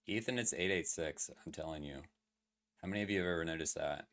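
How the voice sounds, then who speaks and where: A man's voice: low-pitched, fast talker, fairly bright tone. A man streaming live, talking casually through crypto chart analysis with lots of fillers and questions to his chat. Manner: loose, filler-heavy, asks chat questions.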